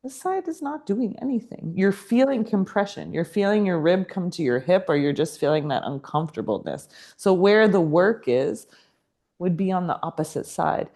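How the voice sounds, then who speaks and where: A woman's voice: lowish voice, animated, moderate pace, dark tone. A woman teaching a yoga teacher training class, explaining in a chatty way and laughing often.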